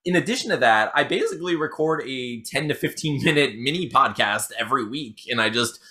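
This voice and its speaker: A man hosting a podcast who chats and tells a story in an energetic, rambling way and laughs often. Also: mid-range voice, a little fast. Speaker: podcast host. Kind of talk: casual podcast chat and storytelling.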